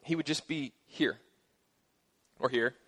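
Preaching as pastor, a middle-aged man keeps his sermon casual and playful, tossing in joking asides and lively emphasis. His voice is mid-range and his pace is slow.

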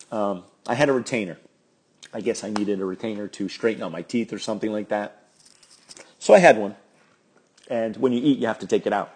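A middle-aged man with a low, husky voice hosts his own podcast. He talks in a loose, rambling, self-deprecating way, like he is chatting with friends. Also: a little mellow. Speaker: podcast host. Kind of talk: casual solo podcast talk.

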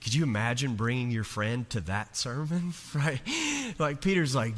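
A man preaching a sermon in a long, echoing hall. His voice is bright and fairly high for a man. He talks casually, cracks jokes, stumbles and restarts often, and acts out the people he quotes. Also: animated, normal speed. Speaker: pastor.

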